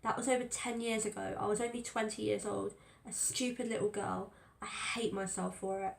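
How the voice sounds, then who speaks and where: A woman's voice: mid-range voice, fairly even intonation, moderate pace, creaky. A woman narrating a first-person story aloud in a tense, fearful telling. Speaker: audiobook reader. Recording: roomy echo.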